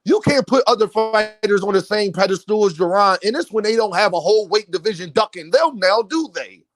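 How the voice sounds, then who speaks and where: A man's voice: high voice, lively intonation, fairly quick. A man giving opinionated boxing commentary, talking emphatically and straight to his viewers.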